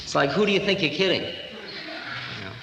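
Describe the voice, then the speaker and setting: A man's voice: a little high, expressive, moderate pace, creaky, muffled recording. A man in his forties giving a humorous, storytelling spiritual lecture to a live audience. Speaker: spiritual teacher. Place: lecture hall. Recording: echoey 1970s hall recording with hiss.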